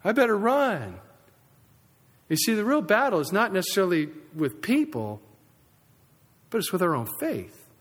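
Animated pastor preaching. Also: male voice, sits high, normal speed. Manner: animated, swinging between loud emphasis and quiet asides. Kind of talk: sermon. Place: church sanctuary. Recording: long reverb of a large sanctuary.

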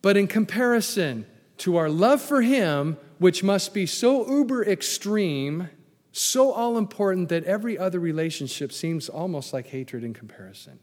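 A man's voice: sits high, expressive, normal speed, darkish tone, in a large hall. A man preaching a sermon as pastor, emphatic, repeating key phrases and putting questions to the congregation.

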